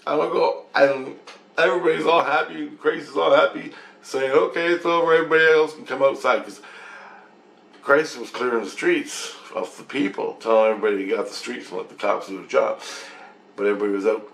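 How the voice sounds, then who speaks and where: A man's voice: medium pitch, steady tone, fairly quick, creaky, fairly bright tone, roomy sound. A man telling a rambling, profane story as a casual monologue, recounting events animatedly.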